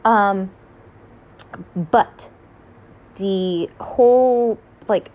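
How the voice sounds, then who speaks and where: A young woman at a middle pitch talks through her reactions to an animated film in a loose, rambling way. She piles on fillers and swears freely. She sounds a little tired. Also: very slow. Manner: chatty and rambling, swears often, lots of fillers. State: tired and yawning. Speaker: first-time viewer reacting to an animated film. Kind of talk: casual rambling reaction commentary.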